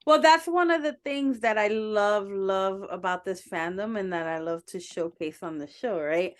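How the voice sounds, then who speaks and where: A woman's voice: mid-range voice, moderate pace. A woman hosting a podcast interview in casual chat, talking emphatically and straight to the listener. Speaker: podcast host.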